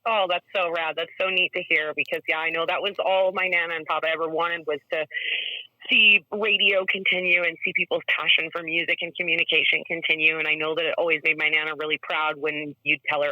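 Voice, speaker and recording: A woman's voice: sits low, fairly even intonation, quick pace, no echo, dull audio. A woman from Canada, a broadcaster and author, talking about her memories in a heartfelt, reflective way as an interview guest. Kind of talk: casual interview chat.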